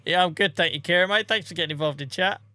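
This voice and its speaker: A man in his forties talks casually to his livestream chat. His voice is bright and forward, and his manner is self-mocking and jokey, with light swearing as he plays. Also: high voice, fast talker, no echo. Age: 40s.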